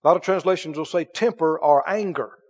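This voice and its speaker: Pastor, male, high-pitched preaching voice, emphatic call-and-response, muffled hall recording with long reverb. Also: brisk. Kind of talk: sermon.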